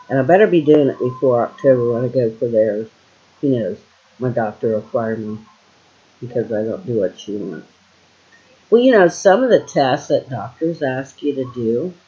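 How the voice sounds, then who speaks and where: An older woman from Ohio muses aloud at home in a slow, unhurried drawl, wandering from thought to thought with plenty of fillers. The recording sounds dull and lo-fi. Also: rumbling low, warm tone. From Ohio, USA. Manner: meandering, with many fillers and trailing thoughts. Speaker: vlogger. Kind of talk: casual rambling monologue.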